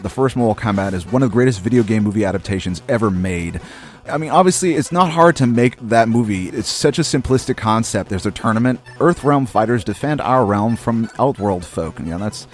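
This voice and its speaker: A man's voice: medium pitch, animated, fairly quick, soft background music. A man from Maine in his thirties, hosting a retro game playthrough and rambling through casual, profane, wry commentary. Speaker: host. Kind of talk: casual let's-play commentary.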